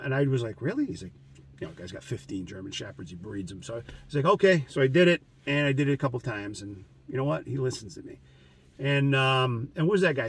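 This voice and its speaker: A man's voice: mid-range voice, fairly bright tone, slightly rough, far from the mic. A man hosting a trading channel, talking through a casual, rambling monologue full of stories, restarts and fillers.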